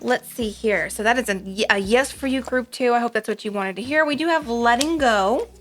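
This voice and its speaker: A woman's voice: a little high, moderate pace, fairly bright tone, a little hiss or hum. A woman doing a casual pick-a-card tarot reading, chatty and rambling, with frequent ums. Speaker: tarot reader.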